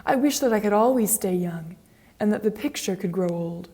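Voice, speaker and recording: A woman's voice: mid-range voice, expressive, moderate pace, warm tone, lightly acted. A woman reading the lines of a vain young man afraid of growing old, in a graded reader audiobook. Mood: pleading. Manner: pleading, emotional outbursts.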